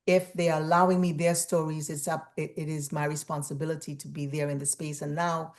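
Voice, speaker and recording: A woman's voice: low voice, little pitch movement, brisk, a little mellow. A woman from Trinidad, a guest on a radio interview, telling stories animatedly and acting out the dialogue she quotes. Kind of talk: casual interview chat.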